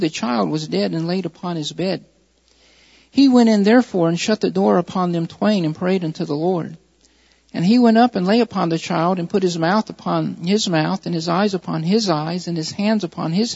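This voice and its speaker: A man's voice: sits high, vocal fry, a little mellow. A man preaching a sermon, reading scripture aloud and then explaining it with repeated emphasis. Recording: muffled hall recording.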